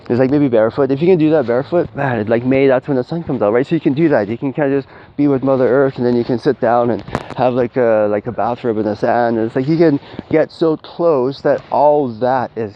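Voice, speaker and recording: A man giving spiritual advice in a casual, rambling monologue, swearing and acting out quoted people. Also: medium pitch. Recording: dull lo-fi audio with faint hiss.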